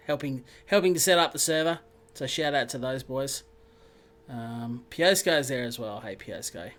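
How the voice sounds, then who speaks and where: A man's voice: medium pitch, fairly bright tone. A man hosting a live sim racing stream, chatting casually and greeting viewers by name.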